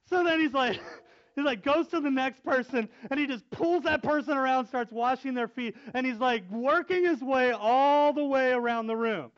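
A man tells a story in a relaxed, chatty way, often laughing between phrases. His voice sits high for a man and is animated. The recording sounds dull and lo-fi. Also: moderate pace. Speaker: youth pastor telling a story. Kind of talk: casual storytelling.

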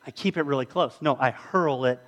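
A pastor preaching a sermon, telling stories dramatically and acting out the voices of the people in them. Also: male voice, medium pitch, brisk, fairly bright tone. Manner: dramatic storytelling, acts out voices.

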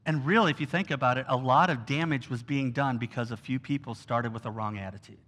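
A man preaching a sermon, telling a Bible story with animated storytelling and whiny acted-out quotes. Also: medium pitch, fast.

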